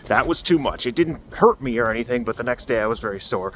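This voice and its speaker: A man's voice: medium pitch, lively intonation, quick pace, fairly bright tone, slight background noise. A man giving a casual health update while walking outdoors on a cold day and holding the camera himself, talking in a loose, rambling way with fillers. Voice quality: muffled through a face covering at first. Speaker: vlogger giving a recovery update. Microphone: handheld camera.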